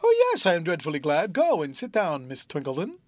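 A man voicing a sweet, childish young schoolgirl who talks in a lilting, playful way with sudden high bursts. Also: huge pitch swings, fairly quick, no room sound. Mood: girlish, playful.

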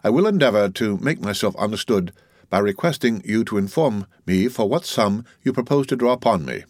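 A man's voice: fairly low pitch, animated, fairly quick, a little mellow, no room sound, clean studio sound. A man reading the part of a haughty, purse-proud banker who speaks arrogantly. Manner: arrogant, then flustered and fawning. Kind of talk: audiobook character reading.

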